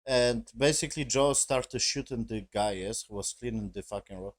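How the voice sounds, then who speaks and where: A man talking through a show review in a loose, rambling way. He swears constantly and his sentences often break apart in broken grammar. His voice sits in an ordinary middle pitch. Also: moderate pace. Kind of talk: casual spoken review.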